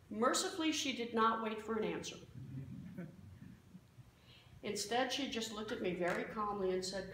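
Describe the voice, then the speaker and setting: A woman's voice: a little high, normal speed, pauses often, fairly bright tone. A woman pastor preaching a sermon as a self-mocking story, recorded in a church sanctuary. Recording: very echoey church hall, faint noise.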